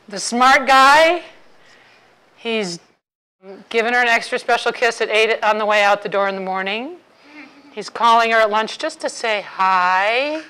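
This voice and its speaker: A woman's voice: fairly high pitch, pushed and bright, clear, resonant tone, poor audio. A woman author giving a humorous talk to a live audience, playfully quizzing the crowd. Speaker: author and intimacy speaker.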